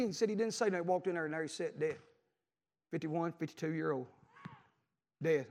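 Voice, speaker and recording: Man, 40s, high-pitched pastor preaching with call-and-response, long hall reverb. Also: steady tone, fast, pauses often. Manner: preaching with call-and-response, swinging from loud to hushed. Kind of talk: sermon.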